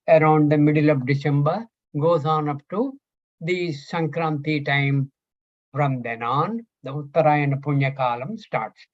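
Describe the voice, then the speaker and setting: An older man teaching a scripture class, slow and thinking aloud as he quizzes his students. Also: fairly high pitch, dry recording. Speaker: Gita teacher. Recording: dull lo-fi recording.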